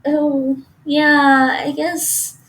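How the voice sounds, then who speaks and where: A woman's voice: sits high, level tone, very slow, a bit bright, recorded from a distance, poor audio. A woman, chatting casually and thinking aloud while she cooks at home and answers her stream chat. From Toronto, Canada. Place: home kitchen.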